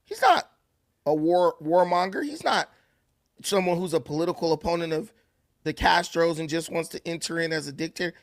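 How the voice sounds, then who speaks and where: A man's voice: a little high, level tone, brisk, no room sound, clean studio sound. A man delivering opinion commentary in an emphatic, sarcastic, ranting way. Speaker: political commentator.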